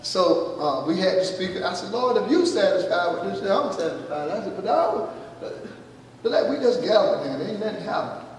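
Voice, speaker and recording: A high-pitched, expressive pastor preaches a testimony sermon at normal speed, telling the story by acting out each voice and calling out "you listening?" to the congregation. He sounds far away, picked up across a church hall with a long, booming reverb and faint hiss underneath.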